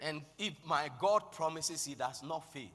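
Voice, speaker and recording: A man preaching a sermon with passion, often rising to shouted declarations. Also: a little high, measured pace. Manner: impassioned, building to shouted declarations. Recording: long echo of a large hall.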